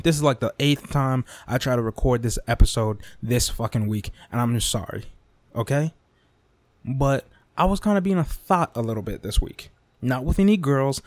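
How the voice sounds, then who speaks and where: Ranting on his own podcast, this man swears constantly and punctuates his lines with "dude" and "okay?" for comic effect. His voice sits in the middle range with a darkish tone, and there's no echo. He speaks close into a desk mic that lacks a pop filter.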